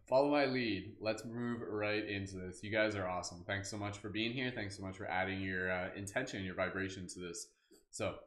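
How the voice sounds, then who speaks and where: A man's voice: fairly low pitch, a bit bright, echoey room. A man hosting a live guided meditation, playful and goofy, chatting loosely with lots of filler words. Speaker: meditation host.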